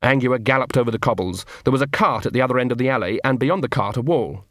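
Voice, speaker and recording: A man's voice: medium pitch, quick pace, fairly bright tone, no echo. Dry, wry male audiobook narrator.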